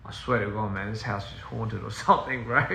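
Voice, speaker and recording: A recording artist livestreams by phone from his house, chatting casually with viewers in a fairly low, gravelly voice with a steady tone and slightly quick pace. He rambles, gets sidetracked easily, laughs often, and slips in Korean and bits of other languages. The sound is roomy with heavy background noise.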